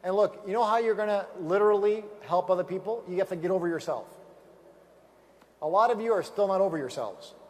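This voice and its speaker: Telling stories into a stage mic at a sales event, this man gives a high-pitched, energetic motivational talk. His delivery is emphatic and keeps repeating itself.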